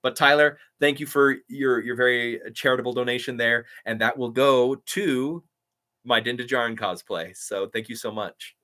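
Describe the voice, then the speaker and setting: A man who does voiceover work hosts a relaxed live stream and answers comments one after another. He sounds eager and thankful. His voice has a bright, forceful edge and sits in an average pitch range. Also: normal speed. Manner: enthusiastic, chatty, grateful. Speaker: voiceover artist and YouTuber.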